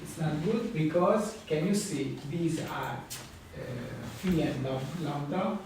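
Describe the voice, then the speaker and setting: Guy teaching a software class, slightly high voice, lots of uhs, noisy room. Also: animated. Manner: halting, many fillers and restarts. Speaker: instructor. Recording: echoey classroom from far off.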